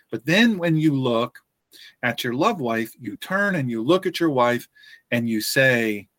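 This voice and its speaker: A man hosting a faith-based podcast, talking earnestly with frequent restarts and pauses. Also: medium pitch, expressive, fairly bright tone, no room sound. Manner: earnest, halting with many restarts. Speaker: podcast host.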